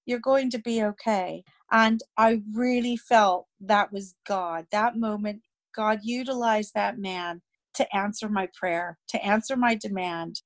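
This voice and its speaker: A woman's voice: medium pitch, measured pace. A woman guest telling a personal story in a conversational way, hesitant, with frequent fillers and restarts.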